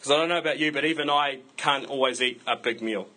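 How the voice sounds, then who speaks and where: A man's voice: medium pitch, fast, sharp tone, rough recording. A man preaching a sermon to his church in a conversational way, breaking it up with self-deprecating jokes. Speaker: pastor.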